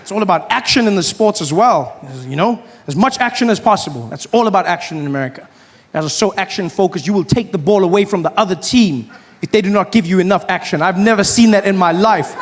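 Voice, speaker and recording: A man performing a stand-up comedy routine, talking animatedly and acting out characters with big shouted voices. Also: sits high, fast talker, a little hiss or hum. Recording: live stage recording with crowd. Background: audience laughter.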